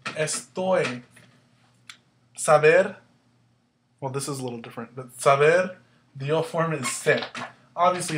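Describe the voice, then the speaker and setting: A man teaching a language lesson at a board, explaining patiently in a casual way, with fillers and quick self-corrections. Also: fairly high pitch, a bit bright, slight background noise. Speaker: Spanish teacher.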